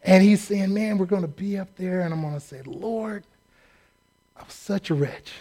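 A man's voice: sits high, normal speed. A man preaching a sermon, telling a story with jokes and acting out the voices of the people in it. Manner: animated, joking, acts out quoted voices. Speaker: pastor.

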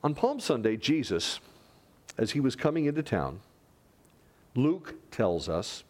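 A male pastor preaching with dramatic swings, climbing high and loud when he quotes, then falling to a hushed murmur. His voice sits at a middling pitch for a man. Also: measured pace. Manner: animated preaching, rising in pitch for quoted lines and dropping to hushed tones. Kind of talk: sermon.

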